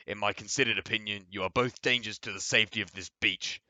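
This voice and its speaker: A man's voice: on the low side, steady tone, fast, sharp tone, no room sound. A man playing a pompous, indignant middle-aged father who scolds and rants.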